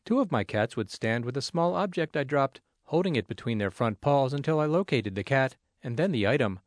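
Man reading aloud with a lively lilt. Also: mid-range voice, fairly quick, no echo, clean studio sound. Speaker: narrator. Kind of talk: reading a personal essay aloud.

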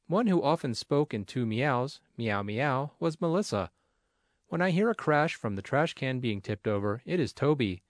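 A man reading a personal essay aloud in a measured, earnest way with gentle humor. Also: medium pitch, lively intonation, dry recording, studio quality. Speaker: reader.

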